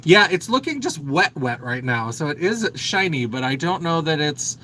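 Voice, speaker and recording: Chatty man with a bright voice. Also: a little high, very animated, moderate pace, a little hiss or hum, rough recording. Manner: chatty, reads viewer comments aloud. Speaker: makeup livestream host. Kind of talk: casual livestream chat. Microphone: phone.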